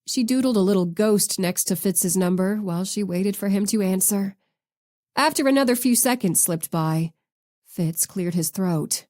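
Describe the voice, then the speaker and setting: A woman's voice: medium pitch, moderate pace, a little mellow. Woman narrating a romance audiobook. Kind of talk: scripted narration.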